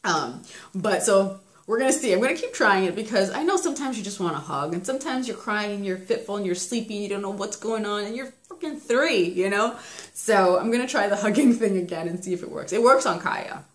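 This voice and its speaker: Young woman, chatty, laughing often, mid-range pitch, roomy echoey sound. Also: animated, fairly quick. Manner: chatty, laughs often, acts out her kids' voices. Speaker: parenting vlogger reviewing a book. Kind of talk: casual chat. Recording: roomy echo.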